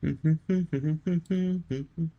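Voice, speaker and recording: A man's voice: fairly high pitch, fairly even intonation, extremely slow, dull audio, heavy background noise. A male livestreamer chatting casually with his audience, laid-back and jokey, reacting to chat with laughs. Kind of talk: casual live-stream chat.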